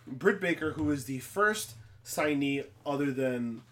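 A man co-hosting a casual podcast, teasing his friends and jumping in to interrupt. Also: fairly high pitch. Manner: animated, teasing, quick to interrupt. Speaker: podcast co-host. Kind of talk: casual chat.

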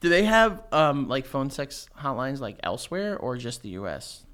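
Lively, bright-voiced young man co-hosting. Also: medium pitch, normal speed, clear, resonant tone. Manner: animated, jokey, full of fillers. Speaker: podcast co-host. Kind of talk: casual chat.

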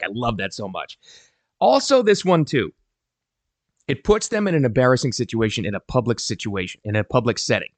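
A middle-aged man giving casual advice to camera, animated and emphatic. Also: medium pitch, no echo. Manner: animated and emphatic, quoting people in voices. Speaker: parenting advice vlogger.

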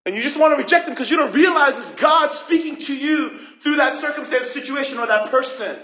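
A man preaching a sermon as pastor, expressive and acting out voices and questions. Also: very high-pitched, a little fast. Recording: roomy echo.

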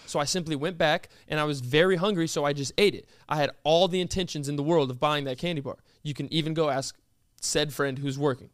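A young man hosting a podcast, telling a story in a casual, animated, indignant way with quick rhetorical questions. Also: a little high, no room sound, clean studio sound. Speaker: podcast host.

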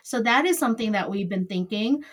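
A woman's voice: medium pitch, lively intonation, brisk, fairly bright tone, a little hiss or hum. A middle-aged woman who owns a salon, answering interview questions in a chatty, rambling way with loose grammar. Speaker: salon owner.

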